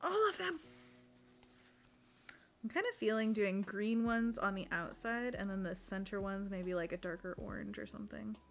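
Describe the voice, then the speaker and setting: A woman's voice: medium pitch, steady tone, fairly quick, gravelly, few pauses. Giggly young woman painting and chatting. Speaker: co-host painting on a livestream. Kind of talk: casual chat while painting. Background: faint music.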